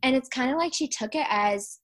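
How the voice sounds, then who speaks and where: A woman's voice: high-pitched, brisk. Chatty young woman podcast host. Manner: chatty, laughs often, lots of fillers. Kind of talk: casual chat.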